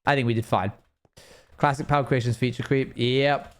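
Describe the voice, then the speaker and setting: A man's voice: mid-range voice, steady tone, moderate pace, smooth. A young man chatting casually and rambling while he plays a game on a live stream, laughing now and then.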